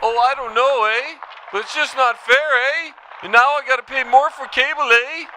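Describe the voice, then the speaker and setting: A man's voice: very high voice, moderate pace, sharp tone, slight background noise, pitched above the performer's own voice, full character voice, low-quality recording. A man voicing a sulky, whining Canadian caller who tags every line with "eh".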